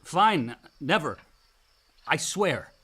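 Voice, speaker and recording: A short-fused, protective brother in a radio drama. He talks bluntly and curtly in a slightly raised pitch. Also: big pitch swings, very slow, pushed and bright, husky, exaggerated voice. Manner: blunt and curt.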